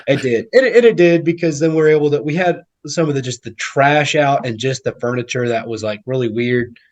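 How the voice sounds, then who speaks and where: A man's voice: medium pitch, brisk, darkish tone. A male guest, a real estate investor, telling stories casually and rambling, repeating words and acting out what people said. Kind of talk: casual storytelling.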